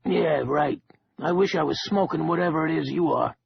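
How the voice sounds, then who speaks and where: A man voicing a crude, menacing male casino owner who sneers and insults, with a gravelly voice. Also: fairly high pitch, moderate pace, muffled recording, slight background noise. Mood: sneering. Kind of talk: audiobook character voice.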